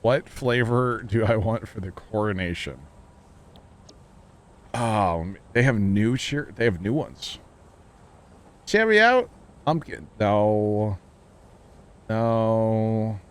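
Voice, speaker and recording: A man chatting casually while livestreaming a video game, rambling and joking as he thinks out loud. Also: fairly low pitch, slow pace. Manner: rambling, jokey, thinking aloud. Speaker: game streamer. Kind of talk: casual gameplay livestream chat.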